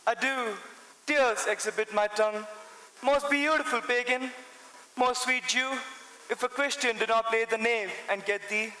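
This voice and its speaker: A man's voice: very high-pitched, steady tone, sharp tone, heavily acted. A young man playing a jittery comic servant. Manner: mock-debating aloud, drawn-out comic delivery. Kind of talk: stage play acting. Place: large school hall, stage. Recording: echoey large hall with long reverb.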